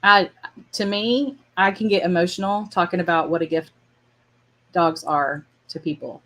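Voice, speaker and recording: Here a woman's lowish voice holds a steady tone at a moderate pace as she runs an easygoing drawing lesson online. Between strokes she chats warmly, laughs plenty, and speaks to her dog.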